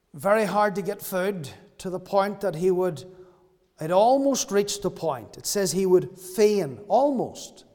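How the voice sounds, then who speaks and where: A man's voice: sits high, darkish tone. A man preaching a sermon in earnest tones, repeating key phrases for emphasis. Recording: long reverb of a hall.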